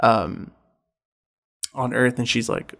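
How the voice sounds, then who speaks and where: A man's voice: mid-range voice, takes it slowly, vocal fry, fairly bright tone. A man hosting a podcast in casual chat, retelling a story in a rambling, profane way filled with "like". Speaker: podcast host.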